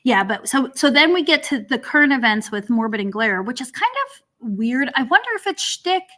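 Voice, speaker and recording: A woman with a fairly high, pushed, bright voice talks at a normal speed while hosting a casual drama commentary stream. Her rambling is full of ums and restarts, and her tone is sarcastic and exasperated.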